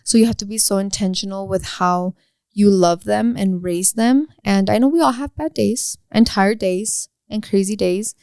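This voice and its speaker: A woman's voice: medium pitch, normal speed, gravelly, a little mellow, smooth, no room sound. A young woman co-hosting a podcast, chatting casually and slipping into Spanish phrases now and then. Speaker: podcast co-host. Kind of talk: casual chat.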